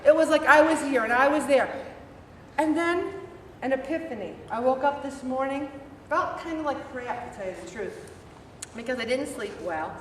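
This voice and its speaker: A middle-aged woman with a high, bright voice leads a faith-based support group. She acts out her own inner arguments with energy. She is recorded from far off in an echoey church room. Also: expressive, moderate pace, a little hiss or hum. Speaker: weight-loss support group leader.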